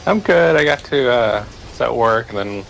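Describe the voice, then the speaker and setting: A man's voice: medium pitch, animated, moderate pace, vocal fry, a bit bright, slight background noise, low-quality recording. A man joining a game stream's voice chat, telling a rambling everyday story with lots of fillers. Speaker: guest on the stream. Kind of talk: casual chat.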